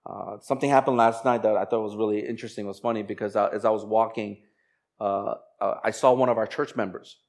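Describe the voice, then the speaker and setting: A man preaching as a pastor, moving from slow, emphatic scripture reading into a chatty, laughing personal story. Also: on the low side. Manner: conversational, animated storytelling with laughs and quoted voices.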